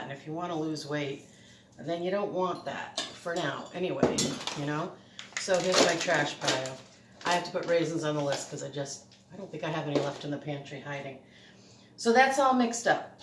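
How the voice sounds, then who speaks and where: A woman's voice: lowish voice, reverberant, a little hiss or hum. Chatty breathless woman in a kitchen. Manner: chatty, rambling, laughs often. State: a little breathless. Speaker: cooking vlogger. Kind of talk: casual home cooking demo. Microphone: phone camera.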